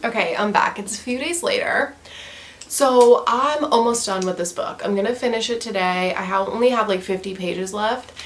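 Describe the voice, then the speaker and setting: A woman's voice: medium pitch, moderate pace, a little hiss or hum. A young woman in her twenties reviewing a book in a casual rant to the camera, exasperated, crude and emphatic, repeating her points.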